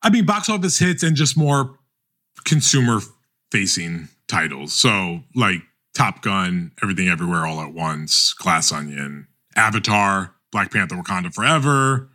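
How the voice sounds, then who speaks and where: A man hosting a podcast, talking animatedly in a casual roundtable chat with many quick restarts. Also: sits low, sing-song, pushed and bright. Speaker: podcast host.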